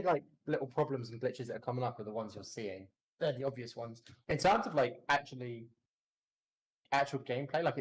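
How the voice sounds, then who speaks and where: A man's voice: medium pitch, low-quality recording. A man playtesting a game on stream, thinking aloud and explaining what he sees. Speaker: game tester playing on stream. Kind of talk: casual dev stream chat.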